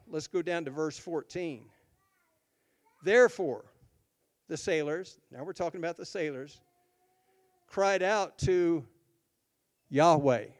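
High-voiced pastor preaching slowly. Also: male voice. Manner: reads scripture aloud then explains it slowly, stressing key words. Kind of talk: sermon.

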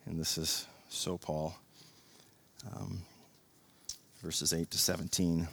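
A man preaching a sermon as pastor, passionate, swinging from hushed storytelling to loud, emphatic exhortation. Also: low-pitched, level tone, slow, a little hiss or hum.

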